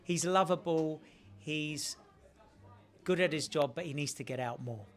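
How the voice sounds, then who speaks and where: A man's voice: fairly high pitch, measured pace. A man with an Australian accent answering questions as an actor in a casual press interview, chatty and friendly, often restarting his phrases.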